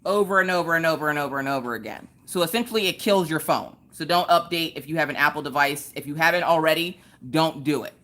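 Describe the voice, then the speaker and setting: A woman with a Southern US accent hosts a relaxed live stream, chatting loudly with her viewers and breaking into high squeals as she greets them. She talks at a quick clip with hardly any pauses.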